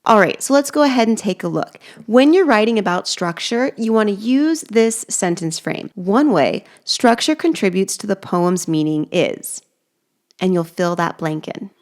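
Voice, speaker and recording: A woman English teacher narrating a lesson over slides, explaining clearly and patiently. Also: medium pitch, animated, moderate pace.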